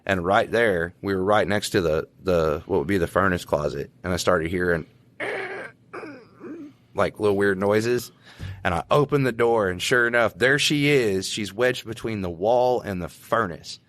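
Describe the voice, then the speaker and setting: A man's voice: low-pitched, normal speed, few pauses, fairly bright tone, dry recording. A man, a police officer co-hosting a podcast, telling work stories in a laid-back drawl. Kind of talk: casual storytelling chat.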